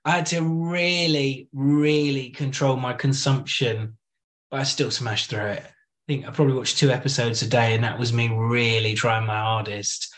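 A man's voice: mid-range voice, little pitch movement, moderate pace, a bit bright. A man co-hosting a casual TV podcast, with dry jokes between his opinions. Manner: dry, joking. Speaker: podcast co-host. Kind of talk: casual chat.

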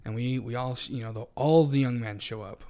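A man's voice: medium pitch, brisk, warm tone. A man co-hosting a podcast, telling a long story in a casual, rambling way with frequent restarts. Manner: rambling, self-correcting storyteller. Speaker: podcast co-host.

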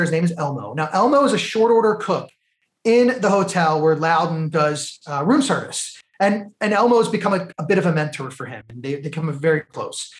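Man, podcast co-host, casual storytelling, enthusiastic, reflective, echoey room. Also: high-pitched. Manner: animated film-plot retelling, drifting into reflective life lessons.

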